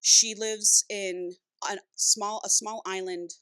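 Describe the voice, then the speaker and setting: A young woman co-hosting a chatty podcast, gushing over a book she loves and laughing easily. Her pitch sits mid-range. The recording is close and dry. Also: smooth, no room sound. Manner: gushing, laughs often, fast and excitable. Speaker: podcast co-host. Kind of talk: casual chat, retelling a novel.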